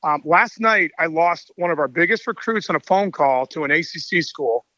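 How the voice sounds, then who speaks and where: A man's voice: a little high, normal speed, no echo, lo-fi sound. A middle-aged man, a baseball coach and author, talking energetically and telling stories in a casual interview. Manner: energetic, enthusiastic storyteller. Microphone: call mic.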